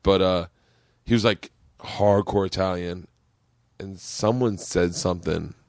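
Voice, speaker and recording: A man hosting a podcast, telling stories in casual chat and jumping into high, exaggerated voices when he quotes people, a little drunk. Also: measured pace, dry recording, studio quality. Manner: animated storyteller, jumps into high voices for quotes. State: tipsy. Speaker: podcast host.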